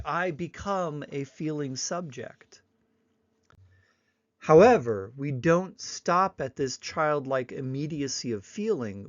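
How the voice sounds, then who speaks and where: A man giving a recorded slideshow lecture, unhurried and explanatory, sometimes acting out examples in little voices. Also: on the high side, no room sound, lo-fi sound.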